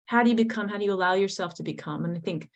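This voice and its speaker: A woman's voice: medium pitch, racing, muffled recording. Hesitant woman host wrapping up. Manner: rambling, hesitant, repeats herself. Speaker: event host. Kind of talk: closing remarks at an online reading.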